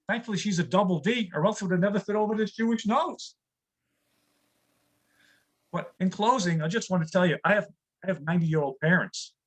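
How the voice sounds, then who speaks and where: A man in his sixties from New York, telling wry, rapid-fire one-liners in a stand-up comedy set on a stage mic. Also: high voice, fairly bright tone, rough recording. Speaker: stand-up comic.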